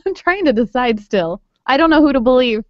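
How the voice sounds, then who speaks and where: A woman's voice: high-pitched, lively intonation, normal speed, no echo. A woman co-hosting a morning talk radio show, teasing her co-hosts with wry remarks. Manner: wry, teasing, laughs often. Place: radio studio. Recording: dull lo-fi dry radio studio sound.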